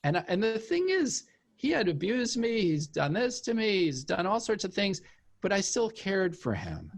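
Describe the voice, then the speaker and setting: This man, a former cult member turned author, shares a personal story as an interview guest, performing the quoted voices with animation. His voice is high-pitched with vocal fry, and his pace is moderate.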